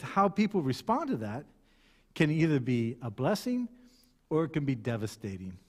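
A male pastor giving a sermon in a conversational, storytelling way with frequent restarts. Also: a little high. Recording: long hall reverb.

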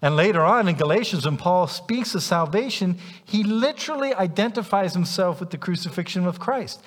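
A man's voice: sits high, lively intonation, a little fast. A man preaching a sermon as pastor, emphatic and challenging his congregation directly, heard in a church sanctuary. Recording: long reverb of a church hall.

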